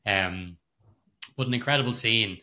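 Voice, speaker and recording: A man's voice: lowish voice, moderate pace, pushed and bright. A man co-hosting a podcast, chatting casually and enthusiastically about a film, rambling with frequent restarts. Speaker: podcast co-host.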